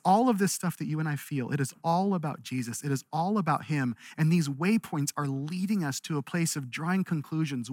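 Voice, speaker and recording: Earnest pastor with a slightly high voice. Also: male voice, no echo, clean studio sound. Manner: earnest, builds up then drops to a hush. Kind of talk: sermon.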